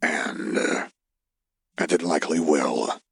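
Male reader as a weary uncle, deep husky voice, tired and grieving. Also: slow pace, a bit bright, no room sound, studio quality, exaggerated voice. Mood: weary, resigned.

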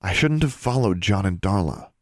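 A man's voice: deep voice, lively intonation, moderate pace, dry recording, studio quality. A man voicing an earnest, stubborn teenage girl who pleads and teases in a storybook reading.

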